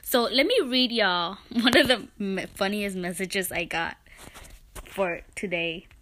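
A woman's voice: mid-range voice, takes it slowly, fairly bright tone, a little hiss or hum. An eighteen-year-old woman hosting a podcast, talking casually in a chatty, sarcastic way. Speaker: podcast host.

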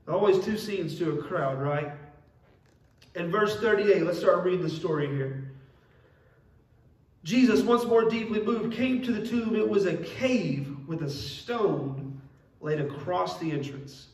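A man's voice: high voice, normal speed. A young man preaching a sermon as pastor, earnest and repeating key phrases for emphasis. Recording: echoey room, mic at a distance.

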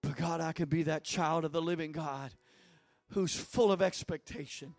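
A male preacher with a notably high voice delivers a sermon with fervent conviction. His delivery swells from teaching into loud, impassioned prayer. The sound is dry and close, with no room echo. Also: moderate pace.

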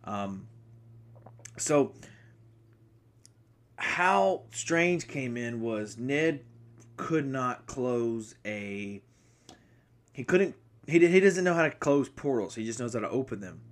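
A man's voice: medium pitch, slow, pauses often. A man talking casually as a podcast host, going over a film from memory. His delivery rambles, with frequent restarts and self-corrections. He apologizes now and then for jumping around. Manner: speaks from memory, apologetic and excitable. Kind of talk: casual spoken movie recap.

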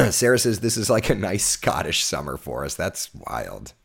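Hoarse man, very deep voice, chatty meteorologist, casual live stream. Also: huge pitch swings, a little slow, a bit bright. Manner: chatty, jokey, reads out viewer comments. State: hoarse, voice recovering. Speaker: TV meteorologist hosting a live chat. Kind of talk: casual live-stream chat reading viewer comments.

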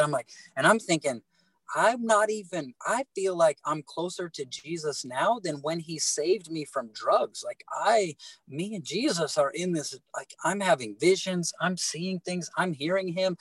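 A middle-aged man telling his faith story in casual talk, animated and halting, often repeating words and restarting. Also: a little high, no room sound, low-quality recording. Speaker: guest telling his testimony.

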